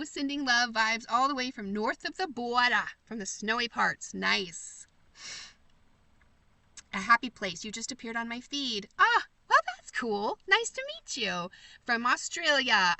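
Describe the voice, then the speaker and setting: A woman's voice: fairly high pitch, pushed and bright, no echo. An American woman hosting a casual livestream, chatting and reading viewer comments in a rambling, effusive way. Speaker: livestream host.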